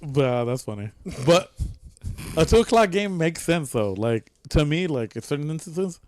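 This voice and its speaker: A joking, profane man co-hosts a casual podcast. His voice sits a touch higher than average. He teases the others freely, and the sound is dry and close. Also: sing-song, normal speed, a little mellow, no echo. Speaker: podcast co-host. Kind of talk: casual chat.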